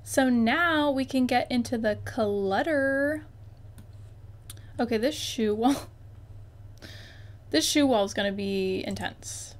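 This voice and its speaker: A young woman with a high, bright-toned voice gives relaxed, unhurried commentary as she plays. She is bubbly and chatty, gasping and talking to the game objects as if they could hear her. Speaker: gaming YouTuber. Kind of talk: casual gameplay commentary.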